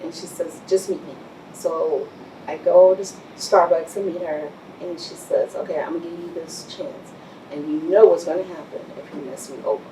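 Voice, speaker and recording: A woman's voice: deep voice, moderate pace, dark tone. A middle-aged woman from Texas, a business owner and interview guest, telling her story bluntly and acting out the other people's lines. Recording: roomy, distant mic with faint background hiss.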